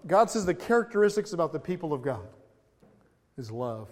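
Pastor, male, sermon in a reverberant church hall, fairly high voice, builds emphasis on scripture, loose and jokey between verses. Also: sing-song, brisk. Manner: preaching with rising emphasis, reading scripture aloud; chatty humorous asides. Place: church sanctuary.

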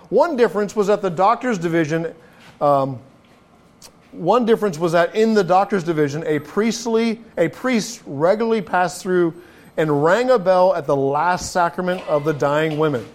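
A man preaching a sermon as a pastor in a conversational way, often restarting his phrases and asking the listeners rhetorical questions. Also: high-pitched. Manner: frequent restarts and repeated words.

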